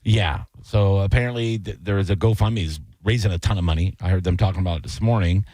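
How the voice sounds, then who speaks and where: A man's voice: low-pitched, quick pace, a little mellow, dry recording. A man hosting a radio show, rambling and joking in casual banter with plenty of fillers. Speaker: radio host.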